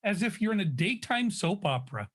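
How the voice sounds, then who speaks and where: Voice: mid-range voice, big pitch swings, a little fast, fairly bright tone. A host setting up improv scenes and giving the players new instructions. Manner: casual, directing the players. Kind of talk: announcing improv games.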